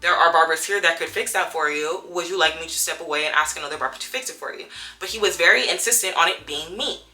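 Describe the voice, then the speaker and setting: A young woman recounting a confrontation at work in a vlog, telling it with animated storytelling and acting out the quotes. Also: on the low side, quick pace. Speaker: vlogger. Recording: soft music underneath.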